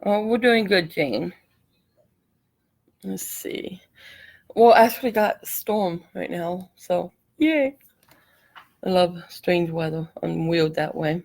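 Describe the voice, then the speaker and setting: A woman's voice: on the low side, animated, takes it slowly, gravelly, long pauses, darkish tone. Middle-aged woman, live craft tutorial host, chatty and apologetic, slightly winded from allergies. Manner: chatty, apologetic, laughs easily. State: coughing, out of breath from allergies. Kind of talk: casual livestream craft tutorial.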